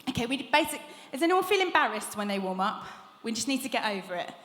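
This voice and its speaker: A woman's voice: a little high, sing-song, quick pace, a bit bright, a little hiss or hum. Chatty young woman vocal coach. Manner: chatty, encouraging, laughs often, demonstrates sounds. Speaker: vocal coach leading a workshop. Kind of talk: live masterclass teaching. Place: large conference hall. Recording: echoey hall with long reverb.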